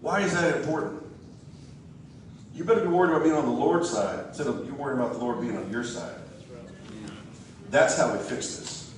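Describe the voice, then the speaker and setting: A man's voice: mid-range voice, a little fast, long pauses, slight background noise. A man giving a folksy, joking, rousing campaign speech to a crowd in a church hall. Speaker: political candidate. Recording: echoey hall, distant mic.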